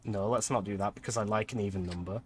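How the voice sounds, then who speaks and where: A man's voice: fairly low pitch, steady tone, fast talker, breathy edge. A young man casually chatting and laughing often while commenting on a game he is playing on stream.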